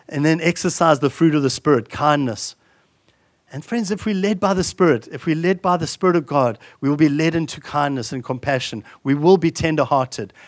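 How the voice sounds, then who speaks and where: A man preaching a sermon in an earnest style, building to emphatic repeated lines and dropping soft and slow for solemn points. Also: on the high side, no room sound, clean studio sound. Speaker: pastor.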